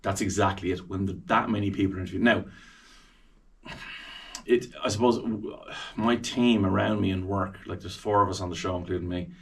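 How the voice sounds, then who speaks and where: A man's voice: sits low, a little fast, creaky, distant mic. An Irish man, a radio presenter, chatting animatedly as a podcast guest about interviewing celebrities. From Ireland. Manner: chatty, animated, acts out quoted voices.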